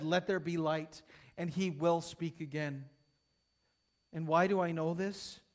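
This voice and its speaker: Emphatic preacher, man with a higher voice. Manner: emphatic, building and falling in intensity. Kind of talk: sermon ending in prayer.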